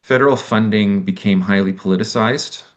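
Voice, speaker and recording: A man giving a conversational lecture, animated and exasperated, acting out imagined exchanges and often restarting his sentences. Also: lowish voice, normal speed. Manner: many restarts and self-corrections.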